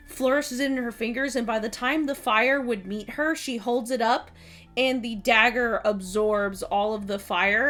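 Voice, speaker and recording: Woman DM; slow, filler-heavy descriptive narration over faint music. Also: medium pitch, a bit bright. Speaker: game master. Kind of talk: narrating a tabletop game.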